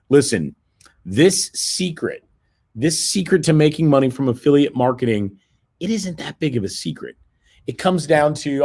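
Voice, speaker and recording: A middle-aged man giving a motivational sales seminar, persuading the audience and checking in with frequent "right?" tag questions. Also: on the high side. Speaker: seminar presenter.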